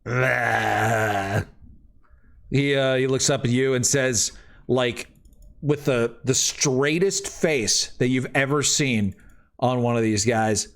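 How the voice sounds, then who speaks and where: A man's voice: mid-range voice, takes it slowly, a bit bright. A man narrating a tabletop game as game master, loose and rambling with many fillers.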